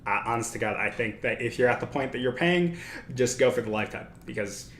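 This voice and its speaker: A man's voice: medium pitch, lively intonation, a little fast, a bit bright. A man hosting a casual study livestream, thinking aloud and correcting himself as he talks. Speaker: livestream host. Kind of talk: casual study-stream talk. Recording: echoey room with faint noise.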